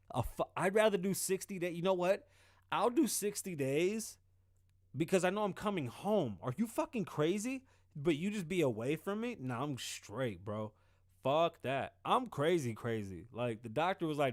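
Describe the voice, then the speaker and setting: A man hosting his own show alone, talking casually into a close mic in a profane, animated way and laughing often. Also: a little high, normal speed, no echo. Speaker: podcast host. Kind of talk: solo casual monologue.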